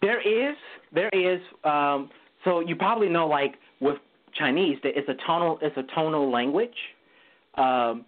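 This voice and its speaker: A man's voice: fairly high pitch, measured pace. Man explaining tones over a phone line. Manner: demonstrates Mandarin tones by singing vowels; laughs easily, enthusiastic. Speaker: guest language teacher. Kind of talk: casual interview explanation.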